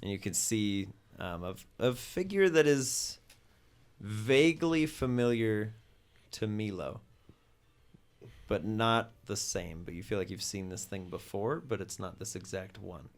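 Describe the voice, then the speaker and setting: A man narrating as game master of a tabletop game, playful and quick to laugh. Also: lowish voice, animated. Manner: playful, laughs often, acts out characters.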